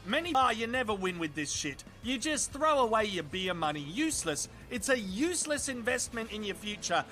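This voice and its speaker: A man's voice: sits high, sing-song, normal speed, sharp tone, soft background music. An Australian man doing sarcastic, sweary comedic voice-over commentary on viral clips. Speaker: video reviewer.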